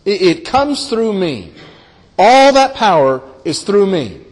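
A man preaching a sermon in an earnest, halting way, often repeating his words as he explains scripture. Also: high-pitched, very animated, in a large hall, rough recording.

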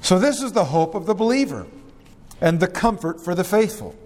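A man preaching an earnest, measured sermon and reading scripture aloud. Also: high voice, big pitch swings, darkish tone, long reverb tail.

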